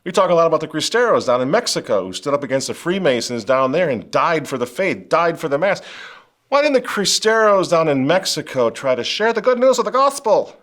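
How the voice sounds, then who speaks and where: A middle-aged man hosting a show, delivering impassioned commentary that swings from quiet intensity to loud outrage. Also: fairly high pitch, sing-song, a little fast. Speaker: show host.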